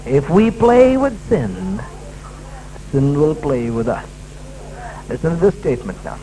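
A man's voice: on the high side, expressive, a little slow, pauses often, mellow, poor audio. A man preaching a sermon at a church service, emphatic and repetitive, restating his key lines.

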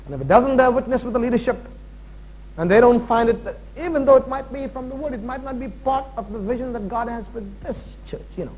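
A man preaching a sermon as pastor, animated and full of jokes and asides. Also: very high-pitched, fairly quick, rough recording.

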